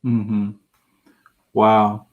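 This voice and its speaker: A man's voice: on the low side, completely flat delivery, very slow, phone-quality sound. A man co-hosting a podcast, speaking earnestly and often restarting and repeating words as he gathers his thoughts. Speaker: podcast co-host. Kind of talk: casual podcast discussion.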